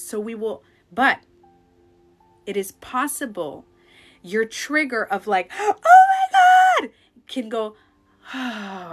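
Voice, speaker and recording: A woman in her thirties, a life coach chatting casually on a phone live stream, animated and blurting out loud quoted outbursts. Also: mid-range voice.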